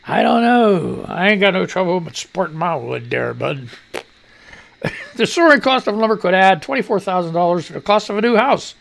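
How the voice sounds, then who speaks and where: Male radio host, gravelly and sarcastic, lively pitch, rambling news commentary. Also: normal speed. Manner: crude, mocking, rambling asides.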